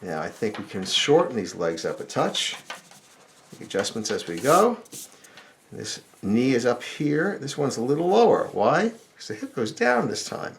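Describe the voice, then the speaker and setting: A middle-aged man teaching drawing step by step, talking in a relaxed, explanatory way as he sketches. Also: mid-range voice, normal speed, vocal fry, slight background noise. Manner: relaxed explanatory, thinking aloud while sketching. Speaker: drawing instructor.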